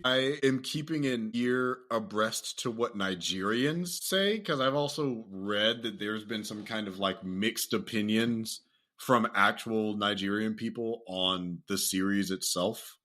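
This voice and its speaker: An American man hosting a loose podcast conversation, with a bright, forward tone at an ordinary middle pitch. He talks in an animated, profane way, laughs a lot, and keeps drifting into jokey put-on voices. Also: unhurried. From United States. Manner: animated, profane, laughs often, slips into mock accents. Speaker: podcast host. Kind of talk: casual podcast chat.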